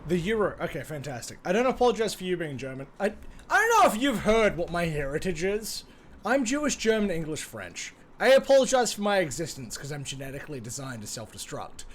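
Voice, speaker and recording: There's a slight hiss or hum under this young man's fairly high voice. He's Australian and gaming live, addressing his chat directly in an animated, joking way and swearing freely.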